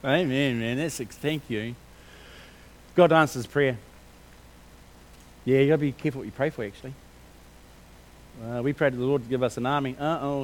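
A man preaching a sermon with passion, moving between quiet reflection and loud, emphatic declarations, with casual asides. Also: mid-range voice, a little hiss or hum. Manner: informal, scattered with casual asides.

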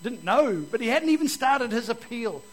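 High-voiced New man telling his testimony. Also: big pitch swings, normal speed, poor audio. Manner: vivid storyteller, swings from loud to hushed. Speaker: speaker giving his testimony. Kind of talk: personal testimony told to an audience.

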